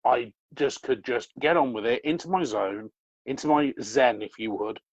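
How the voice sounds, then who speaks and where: A man's voice: mid-range voice, normal speed, dry recording. A man who writes scripts, talking in a casual chat, enthusiastic and rambling, correcting himself as he goes. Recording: dry, slightly dull lo-fi audio.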